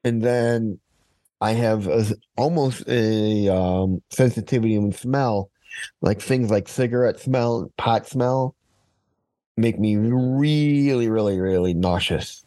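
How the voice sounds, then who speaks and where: A man's voice: lowish voice, takes it slowly, dark tone, no room sound. A man chatting casually, telling a personal story and acting out what others said. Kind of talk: casual conversation.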